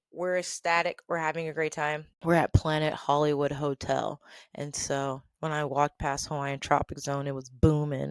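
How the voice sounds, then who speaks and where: A woman hosting her own show, telling a story in a casual monologue with animated, sassy delivery and big swings in loudness. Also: deep voice, creaky, smooth, no room sound. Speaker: storytelling host.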